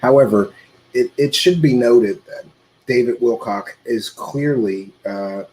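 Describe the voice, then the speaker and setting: A man's voice: mid-range voice, a little slow, a little mellow, rough recording. A male podcast host commenting in a dry, sardonic way.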